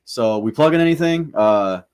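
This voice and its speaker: A man's voice: medium pitch, animated, normal speed, darkish tone, clear, resonant tone. A man co-hosting a podcast, talking in a casual chat and rambling through stories, swearing freely and laughing at his own tales. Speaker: podcast co-host.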